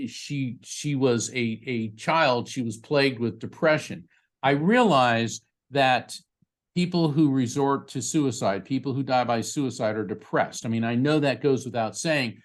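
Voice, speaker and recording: A man working as a psychic medium, giving a live reading to a participant over a video call in a quick, conversational way, often restarting his sentences. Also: medium pitch. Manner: fast, restarting, conversational delivery.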